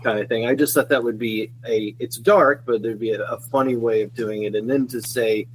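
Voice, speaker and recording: A man's voice: fairly low pitch, a little hiss or hum, poor audio. A man chatting casually as a podcast guest who created the show, rambling and laughing easily.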